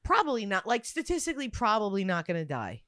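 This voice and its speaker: A woman's voice: medium pitch, huge pitch swings, fast, fairly bright tone, no room sound, clean studio sound. A middle-aged woman, co-hosting a casual podcast chat, emphatic, laughing often and swearing freely. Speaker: podcast co-host.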